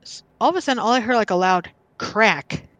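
A woman's voice: medium pitch, lively intonation, brisk, a bit bright, no room sound. A woman guest on a podcast, casually telling a personal story and often stopping to restart or repeat her words.

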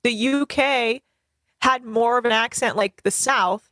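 A woman's voice: a little high, measured pace, pushed and bright, dry recording. A woman chatting as a podcast guest, rambling and poking fun at herself. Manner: rambling, self-mocking. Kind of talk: casual chat.

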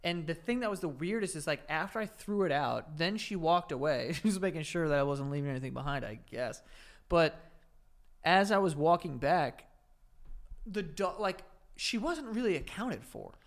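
A man, co-hosting a casual podcast and telling a story in an animated, swear-heavy way. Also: a little high, normal speed. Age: 30s. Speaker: podcast co-host. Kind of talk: casual chat.

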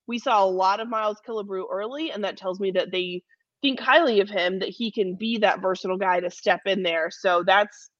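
A woman's voice: medium pitch, a little fast, dry recording, muffled recording. A woman sports reporter, a guest on a casual podcast, chatting about football roster picks with self-deprecating humor and frequent ums.

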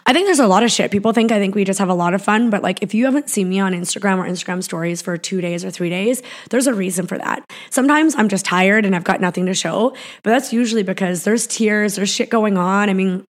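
A woman's voice: medium pitch, quick pace, hardly any pauses. A woman from Canada talking as a business founder in a casual interview, rambling with lots of fillers and restarts.

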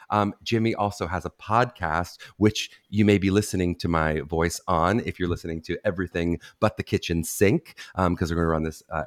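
A man hosting a podcast, chatting casually and laughing at himself. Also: sits low. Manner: chatty, laughing, self-deprecating. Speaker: podcast host. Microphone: small children's toy microphone.

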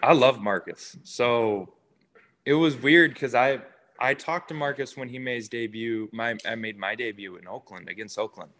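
A man's voice: medium pitch, normal speed. A young man, a baseball player, casually telling stories in an interview and acting out what others said. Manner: animated, acts out quotes of others.

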